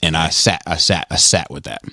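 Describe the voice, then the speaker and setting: A middle-aged man from Maryland, hosting a podcast and telling a profane, animated story with quoted voices. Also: very deep voice, fairly quick, no room sound, studio quality. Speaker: podcast host. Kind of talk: casual storytelling.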